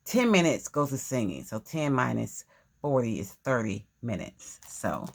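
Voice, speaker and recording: A woman's voice: very deep voice, sing-song, a little slow, vocal fry. A woman casually chatting through an unboxing vlog at home, effusive, gasping and repeating her words. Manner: effusive, exclaims and gasps over items, repeats phrases. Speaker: crafting vlogger.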